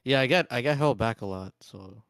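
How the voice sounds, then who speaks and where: Deadpan monotone man, smooth voice. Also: mid-range voice, brisk, no echo, clean studio sound. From United States. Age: 20s. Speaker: student. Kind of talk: casual voice-chat banter.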